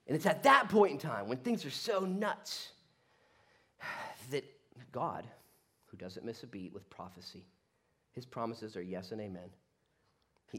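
A man preaching a sermon, swinging between loud outbursts and quiet asides and acting out quoted voices. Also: medium pitch. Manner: acts out quoted voices of God and listeners. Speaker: pastor.

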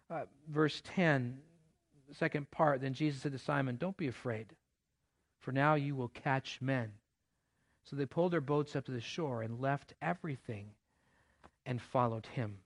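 A pastor preaching a sermon in church, in a conversational way with playful asides. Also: male voice, mid-range voice.

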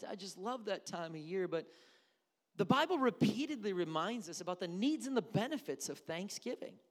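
A man preaching a sermon as pastor, with a conversational, joking manner and bits of mimicry. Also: high-pitched. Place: church sanctuary. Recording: echoey hall.

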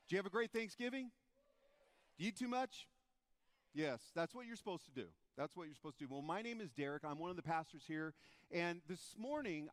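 A male pastor preaching with lively storytelling, slipping into the characters as he goes. His voice sits on the high side for a man. The sound is close and dry, with no room echo. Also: clean tone. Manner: animated storytelling, acting out the disciples' voices. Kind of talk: sermon.

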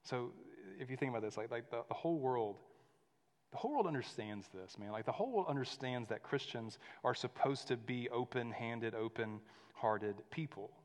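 A man in his thirties preaching a sermon, telling a story in a lively way that drops to a hush and rises to loud. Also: mid-range voice, moderate pace. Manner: storytelling, animated swings from hushed to loud. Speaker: pastor. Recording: long hall reverb.

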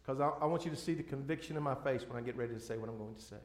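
Rapid-fire and medium-pitched, a man preaches a sermon as pastor in an echoey church sanctuary. He sounds earnest and pleading and often restarts what he's saying.

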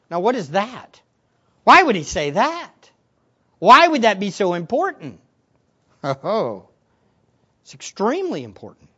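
A man preaching a sermon as pastor, animated, swinging between quiet asides and loud emphatic lines. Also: very high voice. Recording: dull lo-fi recording.

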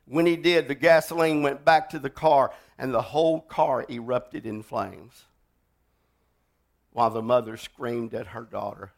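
A man preaching a sermon, telling stories dramatically and swinging from loud to hushed. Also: mid-range voice, steady tone, measured pace, creaky. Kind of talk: sermon storytelling.

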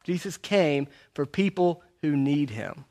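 A man's voice: fairly high pitch, animated, unhurried, darkish tone. A man preaching a sermon in a conversational way, repeating his key phrases. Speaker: pastor. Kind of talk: sermon teaching through a book.

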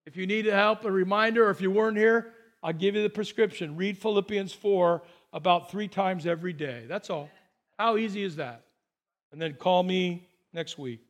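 A man preaching a sermon, telling stories with quoted dialogue and swinging between excited bursts and hushed, quiet lines. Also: high-pitched. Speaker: pastor.

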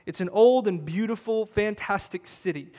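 A man's voice: high voice, moderate pace, a little mellow. A man preaching a sermon as pastor, emphatic and conversational, repeating words for stress. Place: church sanctuary. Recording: long church-hall reverb.

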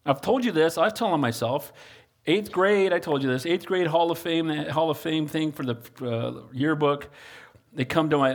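A man preaching a sermon as pastor, animated and calling on the congregation for amens. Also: a little high, moderate pace.

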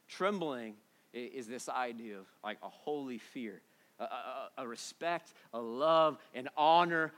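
A man preaching a sermon in a church, casual and joking, swinging between loud bursts and hushed moments. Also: fairly high pitch. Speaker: pastor.

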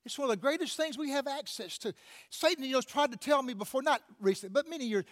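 A man preaching a sermon in a strikingly high voice. He calls out to the congregation for responses and often restarts his sentences, repeating words as he goes. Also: animated, fast talker. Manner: preaching with call-outs to the congregation. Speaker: pastor.

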